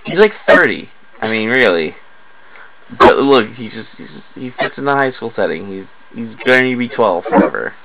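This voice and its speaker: A man's voice: mid-range voice, very animated, normal speed, creaky, muffled recording, heavy background noise. A man co-hosting a podcast, chatting casually and jokingly about a movie, swearing and teasing his co-host. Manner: joking, swearing, mock voices.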